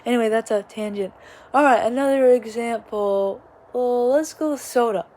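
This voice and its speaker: A woman's voice: on the high side, moderate pace, dark tone, slight background noise. Young woman vlogger, rambling casual storyteller with many asides, recorded at home. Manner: chatty, rambling, many asides and quoted voices. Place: small home, living room.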